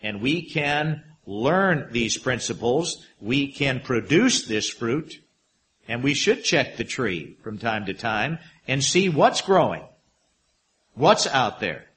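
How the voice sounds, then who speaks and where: A middle-aged man preaching to his congregation with a very lively, rising and falling pitch. He draws key words out slowly and sinks his voice low and quiet for wry asides. His tone is expressive, with an unhurried pastor's delivery. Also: slight background noise. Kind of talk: sermon.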